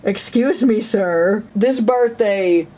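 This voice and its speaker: A slow, mellow, mid-range female voice carries this casual personal vlog. The woman rambles and jokes at her own expense, often breaking into laughter and imitating voices as she tells stories.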